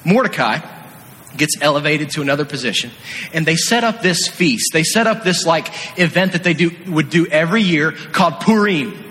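An energetic male preacher tells a story to his congregation with a playful, lively delivery. His high, bright voice carries through a long, echoing hall. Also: normal speed. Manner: energetic, playful, acts out scenes. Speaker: youth pastor. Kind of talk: animated sermon storytelling. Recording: echoey hall.

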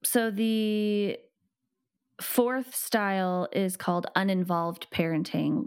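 A woman's voice: on the low side, creaky, smooth, no echo, clean studio sound. A woman co-hosting a parenting podcast, explaining things patiently and step by step in a conversational way.

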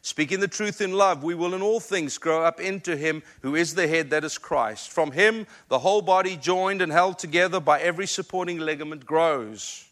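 Bright-voiced preacher with an African accent. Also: male voice, on the high side, normal speed. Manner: earnest, self-deprecating, repeats words when building up. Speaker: guest preacher. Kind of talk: sermon with storytelling.

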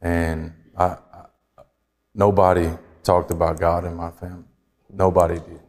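A man from Georgia, slowly and reflectively telling his life story as an interview guest. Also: low voice, little pitch movement, a little mellow, big-room sound. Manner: slow, reflective, halting. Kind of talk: personal testimony in conversation.

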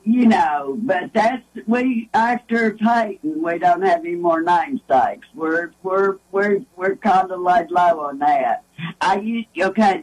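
Husky folksy woman. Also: mid-range voice, darkish tone, poor audio. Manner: rambling, folksy, lots of restarts. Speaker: guest. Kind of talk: casual storytelling.

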